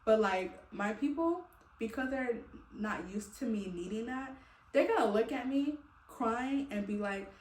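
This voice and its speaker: A woman's voice: fairly high pitch, expressive, a little slow, darkish tone, slight background noise. A woman vlogger venting casually to her viewers, rambling with many fillers and laughing between thoughts. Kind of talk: casual heartfelt venting to camera. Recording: echoey room, a little far from the mic.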